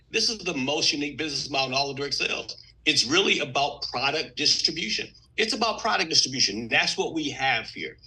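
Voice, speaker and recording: Bright, energetic man pitching. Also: low-quality recording. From Texas. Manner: energetic, repetitive, emphatic. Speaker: business presenter on a video call. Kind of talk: enthusiastic sales pitch. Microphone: video call.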